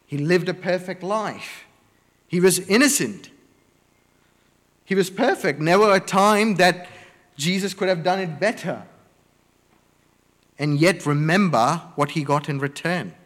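A man preaching a sermon, slow and deliberate, stressing words one by one in emphatic lists. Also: sits high, fairly bright tone, in a large hall.

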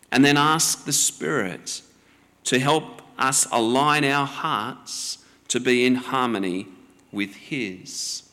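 A male preacher with a mid-range voice delivers a sermon very unhurriedly, leaving space between phrases. His manner is measured and gently instructive, and a long reverb makes it sound like he fills a large hall.

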